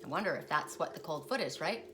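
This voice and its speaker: A woman's voice: deep voice, expressive, quick pace. A woman in a casual, rambling chat as she reads oracle cards, restarting her sentences often. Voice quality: rambling, chatty, with frequent restarts. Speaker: oracle card reader. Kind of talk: casual spiritual card reading. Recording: noisy home recording.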